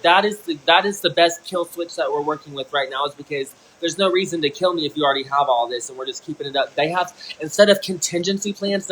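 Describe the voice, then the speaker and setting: A man's voice: a little high, a bit bright, a little hiss or hum, rough recording. A man in his thirties livestreaming a rambling, intense monologue, swearing often and restarting his sentences. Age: 30s. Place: indoor room.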